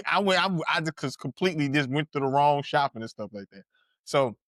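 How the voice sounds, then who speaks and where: A podcast co-host in his thirties tells stories in a loose, slangy way, restarting sentences and laughing along. His voice sits a little high. The sound is close and dry. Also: normal speed, a bit bright, no room sound. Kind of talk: casual podcast chat.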